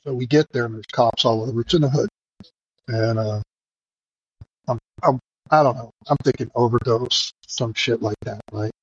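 A middle-aged firefighter, appearing as a podcast guest, tells a raw, emotional story full of profanity, rambling with lots of fillers. His husky voice sits in the mid range at a moderate pace, and the muffled recording has no room sound.

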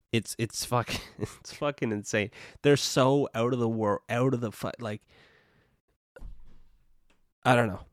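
A man talking alone into a podcast microphone, rambling and swearing freely in loose, animated chat. His voice has a mid-range pitch for a man. The sound is close and dry, with no room around it. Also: clean tone, no echo. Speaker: podcast host. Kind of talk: casual solo podcast monologue.

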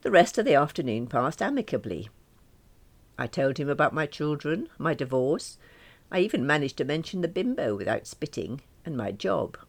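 A woman's voice: low voice, sing-song, normal speed. A woman reading a first-person novel, chatty and wry, poking fun at herself. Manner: wry, self-deprecating, chatty. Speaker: audiobook narrator.

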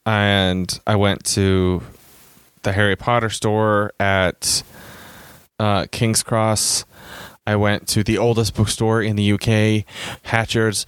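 A man's voice: fairly low pitch, clean tone, no echo. A man telling rambling, self-mocking travel stories in a casual chat, acting out the people he quotes.

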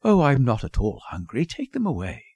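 A man's voice: medium pitch, huge pitch swings, normal speed, darkish tone, breathy edge, no echo, exaggerated voice. A man voicing a disdainful, bored seventeen-year-old girl in a storybook reading, languid and scornful.

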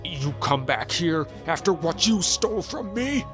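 A man voicing an old, wrathful Norse king who speaks in slow, menacing pronouncements. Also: mid-range voice, music in the background, natural voice. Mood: raging.

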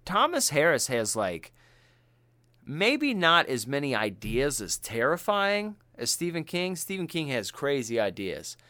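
Recorded in studio quality with no echo, this man's voice sits a little high and moves a little slowly. As a podcast co-host, he casually recounts a movie, his storytelling slangy, profane and lively.

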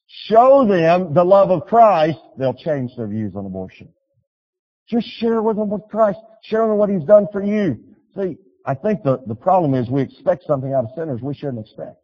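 A man preaching a sermon, telling stories and urging his listeners, swinging from loud appeals to quiet pleas. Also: fairly high pitch, big-room sound, highs cut off. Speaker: pastor.

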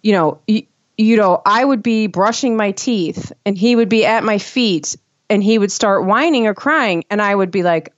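A chatty woman, a mother of two, in a casual podcast conversation, piling up fillers and restarting her sentences as she goes. Her voice sits at a middling pitch. The recording is muffled and lo-fi, and completely dry, with no room sound. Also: normal speed, no echo. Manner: animated, rambling, many fillers and restarts. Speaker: mother of two sharing parenting experience.

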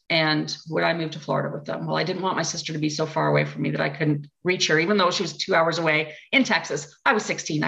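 A middle-aged woman, a podcast interview guest, telling her life story in a lively, candid way with self-mocking asides. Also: sits low, gravelly. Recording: dull lo-fi recording.

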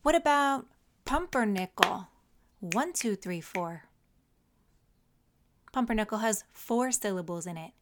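Gentle woman telling a children's story. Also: mid-range voice, dry recording, clean studio sound. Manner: gentle, teacherly, counts syllables aloud. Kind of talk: children's story and lesson narration.

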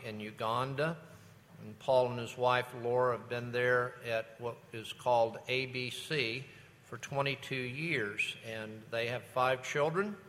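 Bright-voiced man introducing a speaker. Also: medium pitch. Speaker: church member introducing a speaker. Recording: echoey church hall.

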